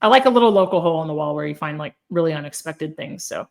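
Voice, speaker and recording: A woman with a fairly low voice co-hosts a casual food podcast. She tells her stories in a chatty, animated way and laughs often. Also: racing, creaky. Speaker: podcast co-host. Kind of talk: casual chat.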